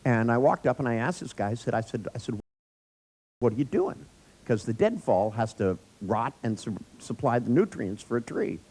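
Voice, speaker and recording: A man's voice: mid-range voice, lively intonation, fairly quick, few pauses, a little mellow, breathy edge. Joking man leading a workshop. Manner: joking storyteller, laughs often; blunt, irreverent. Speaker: workshop trainer. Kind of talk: live workshop lecture. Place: workshop room with audience.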